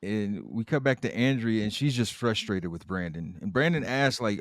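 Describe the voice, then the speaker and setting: Male co-host, mid-pitched, easygoing recap delivery, dry close sound. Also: moderate pace, hardly any pauses, no room sound. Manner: relaxed storyteller, quotes characters. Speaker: podcast co-host. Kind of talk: casual recap chat.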